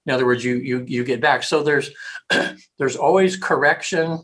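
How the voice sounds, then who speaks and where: A man, a hypnotherapist, speaking casually and rambling in an interview, with frequent throat clearing. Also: mid-range voice, moderate pace, fairly bright tone, rough recording.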